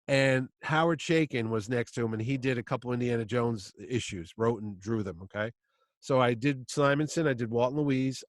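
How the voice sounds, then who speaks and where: This podcast host is a man in his fifties with a medium-pitched voice, recorded with no room sound. He tells a long story in casual chat, animatedly acting out the quotes as he goes.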